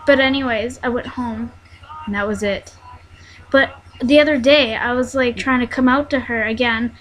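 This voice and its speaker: A teenage girl telling a personal story in a vlog, halting and rambling, with many fillers and restarts. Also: on the high side, fairly even intonation, a bit bright, low-quality recording. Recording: faint background noise.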